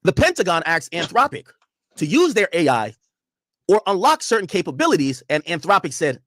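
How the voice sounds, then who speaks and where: A man hosting a casual talk show, commenting on the news in an animated, profane way and acting out quotes. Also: sits high, a little fast, no room sound. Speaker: show host.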